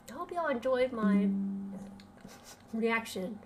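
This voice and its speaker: A woman's voice: a little high, slow pace, pauses often, noisy background. A young woman streamer chatting casually and cooing baby talk at her dogs. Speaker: livestreamer. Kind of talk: casual livestream chat.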